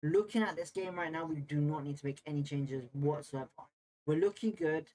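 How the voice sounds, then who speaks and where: A man's voice: a little high, normal speed, darkish tone. Chatty opinionated man hosting a football watchalong. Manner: opinionated, talks straight to viewers. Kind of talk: casual live match watchalong chat, reading viewer comments.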